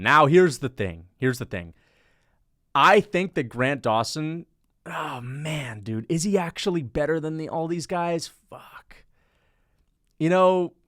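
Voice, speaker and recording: Male host, casual fight commentary, animated and self-correcting, close dry mic. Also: mid-range voice, dry recording. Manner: animated, thinks aloud, changes his mind mid-sentence; swears casually. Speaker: MMA commentator and channel host.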